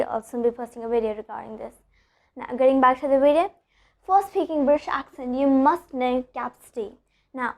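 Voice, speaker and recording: A young woman with a high, light voice teaches pronunciation in a casual online lesson. She explains each rule step by step and says her example sentences slowly, then repeats them.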